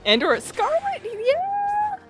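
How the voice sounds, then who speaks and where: A woman's voice: very high voice, huge pitch swings, slow pace, over loud music. A young woman chatting casually to her live-stream viewers while playing a game, reading chat aloud and laughing often. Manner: giggly, reads chat aloud, playful.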